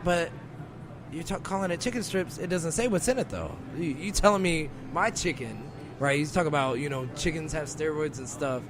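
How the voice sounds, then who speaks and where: A man co-hosting a radio show, ranting in an animated, exasperated way and laughing between complaints. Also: a little high, normal speed, background noise. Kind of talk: casual comedic rant.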